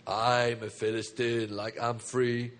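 A man voicing a personified problem as a boastful, taunting giant, slow and swaggering. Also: mid-range voice, little pitch movement, a bit bright, pitched below the performer's own voice.

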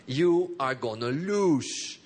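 A man voicing a personified problem as a boastful, taunting giant, slow and swaggering. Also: mid-range voice, expressive.

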